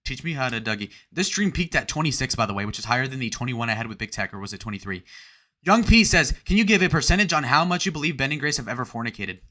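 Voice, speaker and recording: This is a young man hosting a casual livestream, talking off the cuff to his chat. His voice is bright and edged, and he rambles crudely, tossing out jokes and jabs as he reads their comments aloud. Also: medium pitch, expressive, fast talker. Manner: crude, joking, rambling while reading out chat. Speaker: livestream host.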